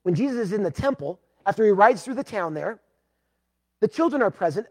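A pastor preaching a sermon, emphatic, moving between loud declarations and hushed, pleading passages. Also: male voice, sits high, lively intonation, a little fast.

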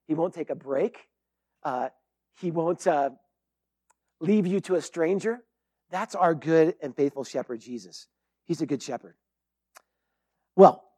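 A man with a high-pitched voice preaching a sermon. He talks in an earnest, conversational way, and the sound is dry and close. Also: dark tone, husky, dry recording. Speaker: pastor.

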